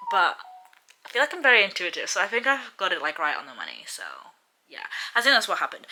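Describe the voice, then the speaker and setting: A woman's voice: on the low side, sing-song, fairly quick, sharp tone, poor audio. A young woman chatting casually in a reading vlog, reacting aloud and talking about books. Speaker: book vlogger.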